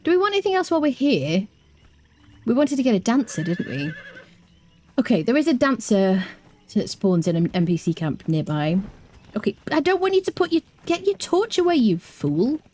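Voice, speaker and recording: An English woman streaming a game, chatting casually and playfully with her viewers and often dropping into quiet asides. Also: a little high, big pitch swings, moderate pace. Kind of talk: casual live-stream chat while gaming.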